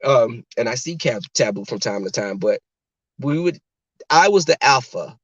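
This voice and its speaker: Man hosting a casual car livestream, talking straight to the chat, mid pitch, slightly muffled dry audio. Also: animated, normal speed, fairly bright tone, breathy edge, dry recording. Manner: chatty, talks straight to the chat. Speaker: livestream host chatting with viewers.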